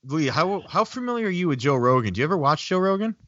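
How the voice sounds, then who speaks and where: Male podcast host, animated pitch, rambling and profane, dry close lo-fi sound. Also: fast talker, no room sound. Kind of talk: casual podcast chat. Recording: dry, dull lo-fi audio.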